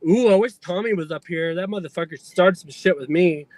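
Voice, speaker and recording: A man trash-talking and taunting with loud squealing "ooh" yelps and heavy profanity. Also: sits high, a little fast, no room sound.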